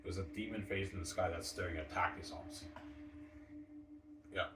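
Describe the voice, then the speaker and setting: A man's voice: low voice, fairly even intonation, brisk. A man rambling casually about a book he wrote, often tacking on "obviously" and "man". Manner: rambling, repeats "obviously" and "man", acts out lines from his story. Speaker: author talking about his own book. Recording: echoey room, mic far off, noisy.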